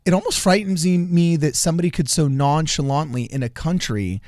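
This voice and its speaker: A man's voice: fairly high pitch, moderate pace, a little mellow, dry recording, studio quality. A man co-hosting a political podcast, talking earnestly in a casual way, often restarting and repeating phrases, with bursts of laughter. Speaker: co-host.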